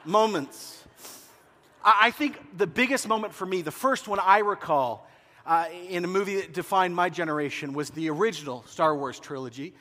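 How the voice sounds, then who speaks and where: Animated storytelling pastor in a hall. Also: male voice, high-pitched, normal speed. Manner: animated storytelling, acting out movie scenes. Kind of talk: sermon. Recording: long hall reverb.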